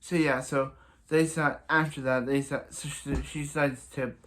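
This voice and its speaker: A man casually recapping a TV episode, rambling with lots of restarts and acting out characters' lines in quick asides. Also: mid-range voice, level tone, a bit bright, a little hiss or hum. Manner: rambling, full of restarts and "so yeah". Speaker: TV episode reviewer.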